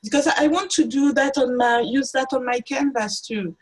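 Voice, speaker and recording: A woman's voice: high-pitched, normal speed, husky, poor audio. A woman artist speaking as a guest on a video-call interview, thoughtful and searching for her words. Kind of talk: reflective interview talk.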